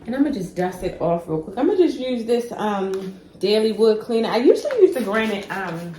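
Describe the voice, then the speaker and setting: A woman's voice: medium pitch, sing-song, normal speed, mellow, a little hiss or hum. Breathless chatty woman vlogger. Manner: chatty, lots of fillers and y'all. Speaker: home decor vlogger. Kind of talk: casual chat to camera.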